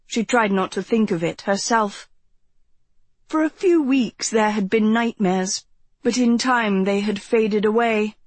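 Slow, husky-voiced woman narrating a novel. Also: mid-range voice, dry recording. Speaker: audiobook narrator. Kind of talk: scripted narration.

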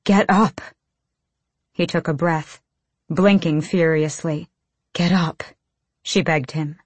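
A woman's voice: deep voice, no echo. A woman reading an audiobook in tense, clipped bursts of phrasing. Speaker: audiobook narrator. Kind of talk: scripted audiobook narration.

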